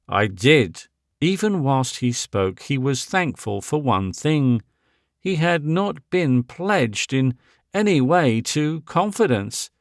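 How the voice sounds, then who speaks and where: A man narrating a Victorian novel as an audiobook, measured and dramatic. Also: medium pitch, no room sound, clean studio sound.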